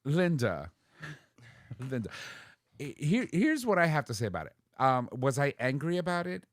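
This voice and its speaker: Sassy, expressive male podcast co-host. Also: on the high side, brisk, no echo, clean studio sound. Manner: rambling storyteller, playful, sassy asides. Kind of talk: casual chat.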